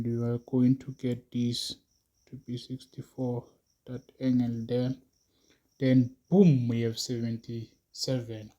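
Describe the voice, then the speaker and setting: A man teaching a math lesson, talking slowly and thinking aloud as he works through a problem with his students. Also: mid-range voice, mellow, highs cut off. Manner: slow, musing, talks to students as he works.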